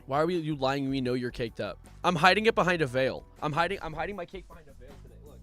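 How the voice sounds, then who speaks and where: A young man streaming live in a bright, forceful voice a little higher than most men's. He banters with chat, jokes constantly and reads donations aloud, with faint music playing under him. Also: lively intonation, fast, hardly any pauses. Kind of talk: casual livestream chat.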